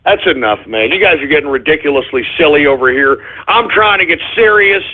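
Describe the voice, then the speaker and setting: A man hosting a talk radio show, ranting and swinging from calm talk to angry shouting. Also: on the high side, fairly quick, heavy background noise. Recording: muffled phone-like internet radio audio.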